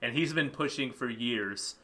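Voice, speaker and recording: A man co-hosting a casual gaming podcast, talking in an animated way with quick restarts and acted-out quotes. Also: mid-range voice. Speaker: podcast co-host.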